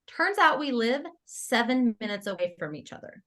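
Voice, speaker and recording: A guest entrepreneur on an interview podcast recounts a personal story casually and animatedly, her voice on the high side at a moderate pace. She laughs often and voices her own thoughts as quoted lines.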